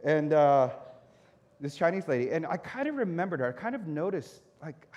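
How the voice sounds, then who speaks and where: Recorded with echoey hall reverb and cut-off highs, this man speaks at normal speed in a fairly high voice. He's a pastor recounting a personal story in a sermon, an animated storyteller who acts out his own anger and reactions.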